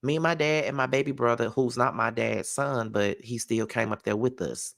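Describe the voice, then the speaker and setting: A man's voice: mid-range voice, fairly even intonation, normal speed, gravelly, fairly bright tone. A man telling a personal story to camera in a casual storytime vlog, emphatic and profane. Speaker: vlogger.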